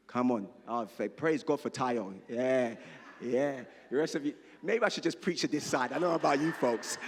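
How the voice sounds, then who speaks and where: A man's voice: medium pitch, expressive, moderate pace. A male pastor preaching a sermon, leading the congregation in call and response and reading scripture aloud. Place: church hall. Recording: reverberant church hall.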